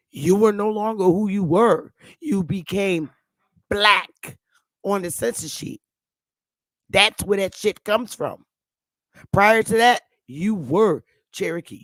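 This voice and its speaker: A woman with a Northern US accent giving blunt, animated, casual commentary as host, swearing freely. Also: medium pitch, dry recording. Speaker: channel host.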